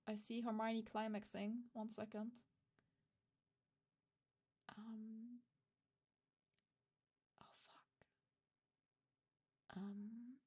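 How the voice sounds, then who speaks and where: A woman's voice: medium pitch, mellow. A woman streamer, not a native English speaker, reading fan fiction aloud and chatting with viewers in a hesitant, flustered way. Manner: hesitant, flustered, self-interrupting asides. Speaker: streamer host.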